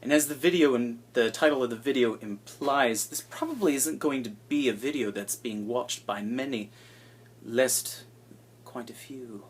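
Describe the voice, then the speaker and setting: A man in his twenties chatting casually and self-deprecatingly, with hushed asides, into an iPad held at arm's length. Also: mid-range voice, normal speed, hardly any pauses, husky. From United States. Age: 20s. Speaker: vlogger introducing himself. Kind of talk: casual rambling chat.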